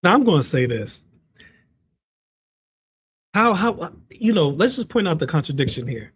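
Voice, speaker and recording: A man hosting commentary on online drama, talking in an animated, mocking way and often breaking into laughter. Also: fairly high pitch, normal speed, breathy edge. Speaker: commentary host.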